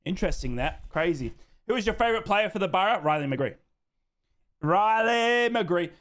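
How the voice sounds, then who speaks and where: Chatty Australian man with a high voice. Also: animated, fast talker, fairly bright tone. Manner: chatty, jokey, repeats himself, says "mate". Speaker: football watchalong streamer. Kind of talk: live stream chat, reading fan comments.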